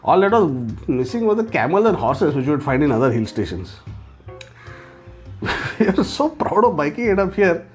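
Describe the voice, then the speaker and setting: A man's voice: fairly high pitch, sing-song, normal speed, faint music behind. A man narrating a travel story in a sardonic, profane, humorous way. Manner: sardonic, profane, laughs as he talks.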